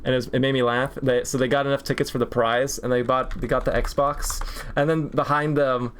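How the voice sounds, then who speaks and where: A man's voice: medium pitch, flat delivery, brisk, fairly bright tone, clear, resonant tone. Rambling young man streaming while drawing. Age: 20s. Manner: rambling, jokey tangents, laughs often. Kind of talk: casual chat while drawing.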